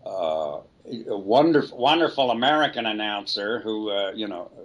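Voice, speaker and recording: A man's voice: fairly low pitch, animated, normal speed. An older man, a voice actor, answering interview questions in a rambling, self-deprecating storytelling way full of fillers. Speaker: voice actor guest. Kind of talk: relaxed anecdotal interview answers.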